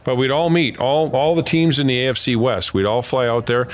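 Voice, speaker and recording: Middle-aged man in casual conversation, a former newspaper sportswriter spinning long rambling anecdotes. His pitch sits mid-range and he talks in a loose, storytelling way. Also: fairly quick. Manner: rambling anecdotes with laughs and quoted voices.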